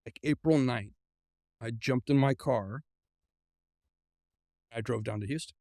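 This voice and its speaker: A man's voice: mid-range voice, gravelly, a little mellow, no room sound, clean studio sound. Earnest middle-aged man telling his story. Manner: earnest, halting, repeats words when emotional. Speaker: interview guest. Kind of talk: personal storytelling in a conversation.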